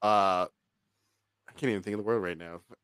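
A man co-hosting a casual film review podcast, talking in an animated, profane way and laughing often. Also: lowish voice, normal speed, clear, resonant tone, no room sound.

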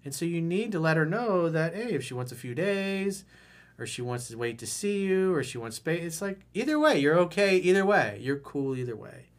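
A man's voice: a little high, very animated, moderate pace. A middle-aged male dating coach giving blunt, frank advice in a monologue, acting out quotes along the way.

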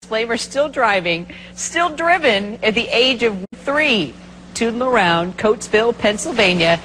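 A woman's voice: on the high side, lively intonation, unhurried, fairly bright tone, slight background noise, poor audio. A woman reading an upbeat broadcast tribute segment in an announcer's delivery.

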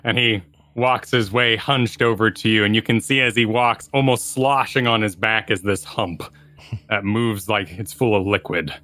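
A man's voice: fairly low pitch, moderate pace, pushed and bright. A man narrating a tabletop game as game master, with vivid descriptive detail.

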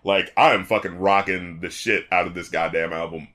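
A man co-hosting a podcast in casual, animated chat, laughing often, swearing freely and acting out quotes. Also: sits low, moderate pace. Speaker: podcast co-host reviewing albums.

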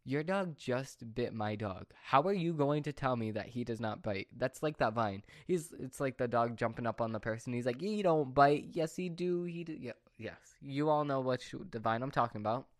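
A man's voice: mid-range voice, brisk, hardly any pauses, no room sound, clean studio sound. A teenage boy talking casually to his viewers in a rambling, repetitive, exasperated rant. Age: teens. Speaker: vlogger. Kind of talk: casual monologue to camera.

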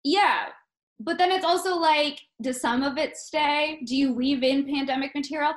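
High-voiced woman in her 30s, comedian, talks animated and swears a ton, casual chat. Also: normal speed, echoey room. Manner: animated, swears a lot, acts out stories. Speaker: comedian podcast host. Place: her room at her parents' home.

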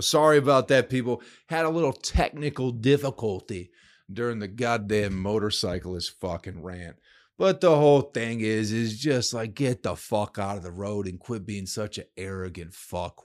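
A man hosting a solo podcast, ranting in a heated, profane way. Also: mid-range voice. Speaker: podcast host.

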